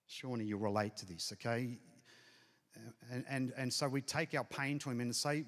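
A man's voice: medium pitch, normal speed. A middle-aged man telling an earnest personal testimony as a pastor speaking to a congregation. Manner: earnest storytelling, emotional, addresses congregation. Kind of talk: sermon testimony. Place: church hall. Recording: hall reverb.

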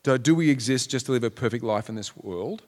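A man of medium pitch preaches earnestly, his voice trailing into a long hall reverb. He leans into the story, raising his voice for the people in it. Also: a little fast, darkish tone. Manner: earnest, acts out quotes in raised voices. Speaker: pastor. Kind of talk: sermon.

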